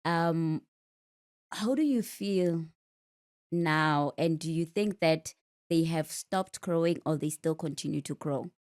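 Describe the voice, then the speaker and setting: Lady hosting a podcast, low voice, chatty and friendly. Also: slow pace, a little mellow. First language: Sotho. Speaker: podcast host. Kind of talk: casual interview.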